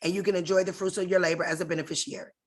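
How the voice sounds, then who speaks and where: A woman's voice: fairly low pitch, little pitch movement, rapid-fire. A woman leading an online class over a video call, in a casual and direct instructional tone that addresses her listeners familiarly.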